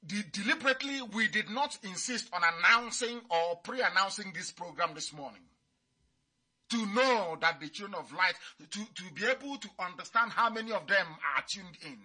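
A man's voice: high-pitched, bright, forceful tone, slightly rough. A man giving a fiery, mocking radio address, repeating his points. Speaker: radio broadcaster.

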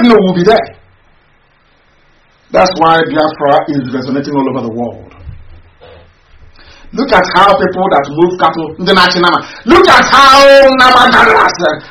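A man giving a fiery, scolding radio address that swings between loud outbursts and low, hushed asides. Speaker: political broadcaster. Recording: echoey room with faint noise.

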